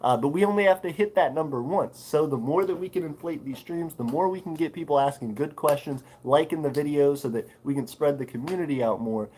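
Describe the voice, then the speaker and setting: A man's voice: on the high side, fairly quick, few pauses, darkish tone, a little hiss or hum, low-quality recording. A man hosting a casual livestream, reading chat comments and answering with lots of fillers and restarts. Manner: rambling, many fillers, reads chat aloud. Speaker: livestream host.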